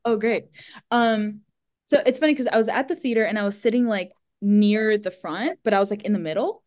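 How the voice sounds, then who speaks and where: A young woman tells a story in an easy, animated way, laughing often and acting out the voices of the people she met. Her pitch sits in the middle of the usual range. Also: brisk. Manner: animated, laughing, quoting others in put-on voices. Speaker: guest, festival volunteer. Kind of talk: casual storytelling chat.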